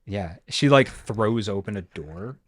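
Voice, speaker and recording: A man's voice: on the low side, lively intonation, measured pace. A man running a tabletop role-playing game as storyteller, telling the scene in a loose, rambling way full of fillers. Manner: loose, filler-heavy storytelling with sudden shouted character bits.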